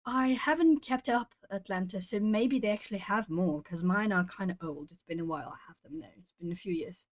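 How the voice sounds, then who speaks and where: A woman's voice: mid-range voice, fairly quick, few pauses. Chatty woman hosting a colouring stream. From Brazil. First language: Portuguese. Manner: chatty, musing aloud to viewers. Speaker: art stream host. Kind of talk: casual chat while colouring.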